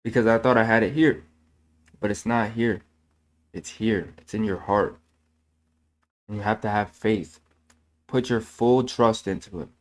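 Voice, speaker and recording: Here a man with a lowish voice talks a little slowly and pauses often. He hosts a channel and shares his faith in a casual, earnest, preachy way, going over the same ground repeatedly, correcting slips, and saying "man" as filler.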